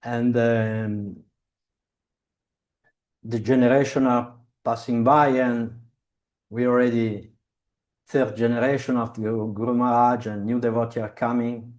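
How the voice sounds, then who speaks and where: Guy on a zoom call, super slow, keeps restarting and hunting for words. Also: medium pitch, flat delivery, darkish tone. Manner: halting, searching for words, many restarts. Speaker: speaker on a devotional video call. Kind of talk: slow reflective talk. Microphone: video call.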